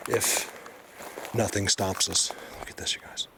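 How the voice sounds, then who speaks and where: A man narrating to camera as an outdoor explorer vlogger, hushed and excitable, often dropping to a whisper. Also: sits low, a little slow, gravelly. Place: outdoors in woods.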